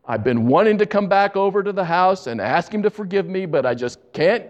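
A man voicing a distraught young woman of about twenty-one who pleads in a high, strained voice. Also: animated, brisk, dull audio. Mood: distraught pleading.

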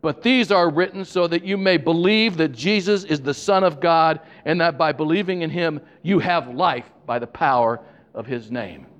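A pastor delivers a sermon in a slightly high-pitched voice. He leans hard on key words, builds to emphatic points, then drops into relaxed asides to the congregation. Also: normal speed. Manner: emphatic preaching with rising stresses and asides.

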